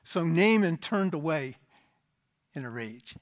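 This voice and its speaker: A man preaching a sermon, explaining a scripture passage emphatically and dropping to a low, quiet voice at the end of phrases. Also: lively intonation, slow pace, no echo, studio quality.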